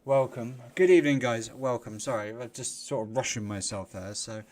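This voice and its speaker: A man hosting a casual live stream, chatty and quick to laugh, greeting viewers by name. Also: mid-range voice, darkish tone. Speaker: livestream host.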